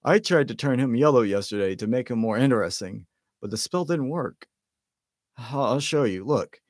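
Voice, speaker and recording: A man's voice: medium pitch, animated, moderate pace, no echo, clean studio sound, lightly acted. A man voicing a chatty young wizard boy who talks casually and grumbles.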